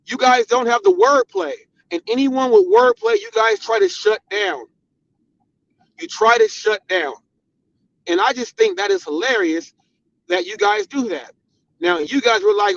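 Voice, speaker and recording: Heated high-voiced American man ranting. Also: creaky. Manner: confrontational, repetitive, emphatic. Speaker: channel host. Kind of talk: heated commentary monologue. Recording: dull, dry lo-fi sound.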